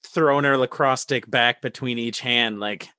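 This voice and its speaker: A man's voice: mid-range voice, fairly even intonation, normal speed, sharp tone, clean tone, no room sound, clean studio sound. A man co-hosting a podcast, joking about a movie in casual chat with frequent swearing. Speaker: podcast co-host.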